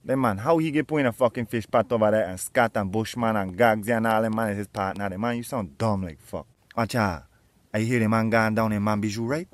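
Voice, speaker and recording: A man's voice: on the low side, fairly quick, no echo. A man in a comedy sketch, talking aggressively and mockingly, swearing a lot.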